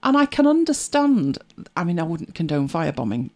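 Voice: mid-range voice, big pitch swings, fairly quick, darkish tone. Chatty middle-aged English voice. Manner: chatty and reflective, with frequent laughs and asides. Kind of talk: casual chat.

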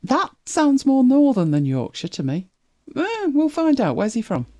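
Chatty streamer with a softened northern English accent. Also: high voice, wildly swooping pitch, moderate pace. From northern England. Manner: chatty, laughs often, muses aloud. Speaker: streamer reacting to videos. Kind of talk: casual reaction chat to viewers.

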